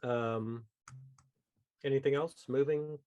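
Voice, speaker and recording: A man's voice: mid-range voice, steady tone, slow, darkish tone. A man running a tabletop game as game master, talking in a loose, rambling way with many fillers and chuckles.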